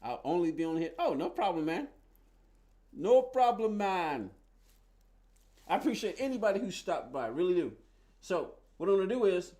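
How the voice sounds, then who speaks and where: Playing a racing game on a live stream, a man with a high, light voice rambles loosely to his viewers. He thinks aloud about his cars and plans, drifting from one easygoing thought to the next in casual chat.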